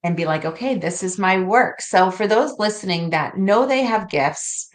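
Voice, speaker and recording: In this podcast interview, the female host speaks at medium pitch with lively intonation and a moderate pace. She encourages her guest and draws them out with open-ended questions.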